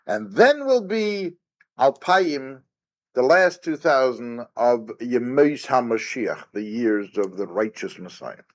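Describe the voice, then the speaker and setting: A man, a rabbi, giving a recorded Torah lecture, emphatic and full of rhetorical questions. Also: fairly high pitch. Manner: retells Talmud story with quoted sage dialogue.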